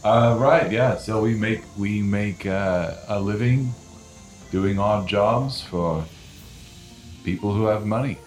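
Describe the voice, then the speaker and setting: A man player at a tabletop game, low-voiced and slow, halting and hesitant as he speaks in character. A roomy echo and faint music sit behind him. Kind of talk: tabletop role-play.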